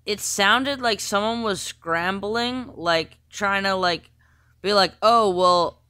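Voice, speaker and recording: A man's voice: high-pitched, slow, sharp tone, smooth, no echo, clean studio sound. A man on a podcast panel giving blunt, crude opinions, fired up in the argument. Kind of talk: heated podcast debate.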